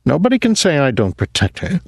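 Guy reading a curt dismissive man, low voice, dry close sound. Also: very animated, normal speed, a little mellow, dry recording. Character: middle-aged man, dismissive and cool.

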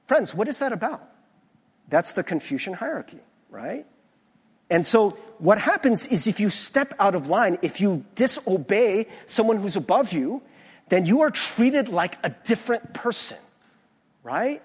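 Man preaching, husky voice, high lively pitch, long church reverb. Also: a little slow. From United States. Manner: conversational, animated, many restarts and "like". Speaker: pastor. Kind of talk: sermon with personal stories. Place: church sanctuary.

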